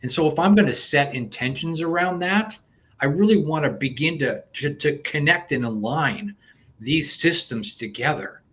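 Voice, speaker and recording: Animated man explaining a technique. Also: a little high. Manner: animated, explains step by step with lots of restarts. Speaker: guest coach. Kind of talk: conversational interview.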